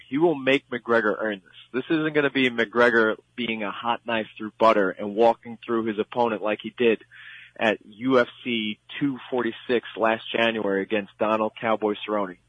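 A man's voice: mid-range voice, fairly bright tone, no echo. Opinionated Long Island man on sports radio. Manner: emphatic, opinionated, repeats "I believe". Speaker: guest fight analyst. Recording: dull lo-fi radio sound.

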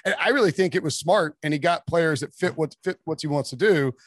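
A man talking casually as a sports writer guest on a podcast, rambling with quick asides and restarts. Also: fairly high pitch, no echo, studio quality.

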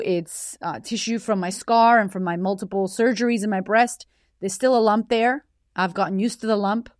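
A woman's voice: mid-range voice, no room sound. Woman host, 30s, raw and emotional storyteller who swears a lot, dry close sound. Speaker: podcast host. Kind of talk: personal storytelling monologue.

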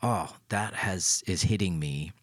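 Deep-voiced, playful male podcast pastor. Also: slightly rough, no room sound, studio quality. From Tennessee, US South. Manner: playful, teasing, quick to laugh. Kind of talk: casual conversation.

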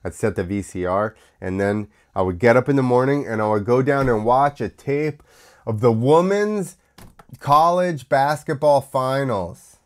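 Sick and coughing occasionally, a man from the United States hosts his own podcast, meandering through casual chatter packed with fillers. His voice is mid-range and his pace is unhurried.

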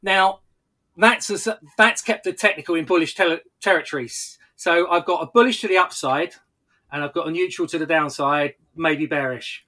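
A man giving technical market analysis on a podcast, explaining in a measured way with occasional stumbles and restarts. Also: a little high, bright, forceful tone.

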